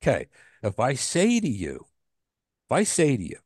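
A man's voice: medium pitch, huge pitch swings, moderate pace, a little mellow, no room sound, studio quality. A man co-hosting a casual podcast, ranting about a pet peeve, swearing freely and restarting his sentences. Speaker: podcast co-host.

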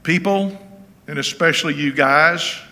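A man's voice: a little high, measured pace, bright, forceful tone. A man in his seventies, a pastor giving an informal, folksy teaching sermon and often checking in with his listeners. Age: 70s. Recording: reverberant hall.

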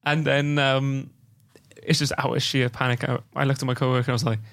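A man's voice: mid-range voice, fairly quick, gravelly. A young man, co-hosting a podcast and animatedly acting out quotes from an awkward story. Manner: animated, acts out quotes in panicked voices. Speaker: podcast co-host. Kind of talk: casual chat, storytelling.

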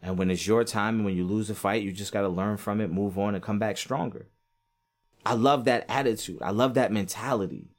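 A man giving a casual, animated commentary on boxing, rambling with lots of fillers and acting out quotes. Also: fairly low pitch, brisk. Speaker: sports commentator.

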